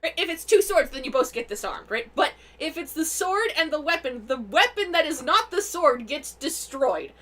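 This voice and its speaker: A woman chats on a stream about a tabletop game session, excitable and quick to laugh, cursing freely as she goes. Her voice sits high and bright, swinging widely in pitch. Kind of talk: casual stream chat.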